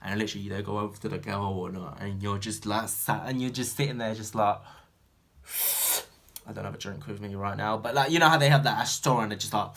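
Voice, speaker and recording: A young British man chatting to camera as a vlogger, rambling and full of fillers, swinging from loud animated bursts to mumbled asides. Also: lowish voice, quick pace, creaky. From Britain. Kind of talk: casual chat to camera.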